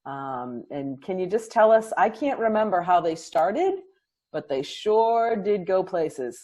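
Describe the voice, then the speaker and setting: A woman interviewer with a somewhat low voice, speaking slowly and deliberately. She welcomes her guests back and eases into her questions with a few ums. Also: animated. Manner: slow, warm-hearted with filler ums. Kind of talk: friendly interview hosting.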